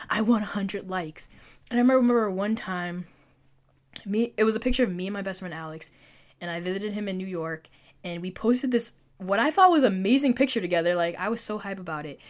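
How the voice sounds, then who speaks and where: A woman's voice: medium pitch, normal speed. A young woman vlogging in a casual, confessional chat, talking loosely, filling with "like" and poking fun at herself. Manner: chatty, fills with "like", self-mocking.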